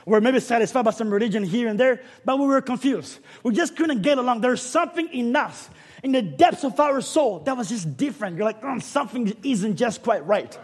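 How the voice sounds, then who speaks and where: A man preaches in a very high, husky voice. He swings between hushed stretches and loud, shouted peaks as he drives his sermon home. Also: animated, fairly quick. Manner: builds to shouting, dramatic swings in delivery.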